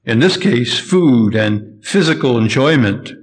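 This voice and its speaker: A man preaching an expository sermon, measured and emphatic, slowing down to stress key phrases. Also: mid-range voice, lively intonation, low-quality recording.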